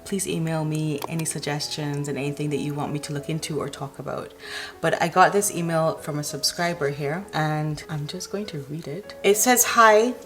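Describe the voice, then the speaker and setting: A woman's voice: low-pitched, fairly even intonation, moderate pace. A woman talking casually to her viewers, giving her opinions in a chatty vlog. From Barbados. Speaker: vlogger.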